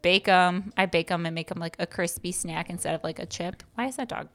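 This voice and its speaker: A woman's voice: fairly low pitch, steady tone, brisk, fairly bright tone. A young woman co-hosting a podcast in casual chat, teasing and laughing often. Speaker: podcast co-host.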